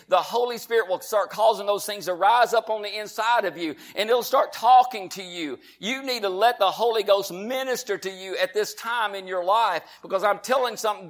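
A man preaching a sermon to viewers at home, fervent and repetitive, a self-described fast talker. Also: high voice, fairly bright tone. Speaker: pastor.

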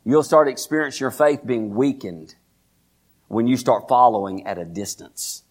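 A man preaching a sermon, folksy and emphatic, dropping to low murmurs and rising to shouts as he talks straight to the congregation. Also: normal speed.

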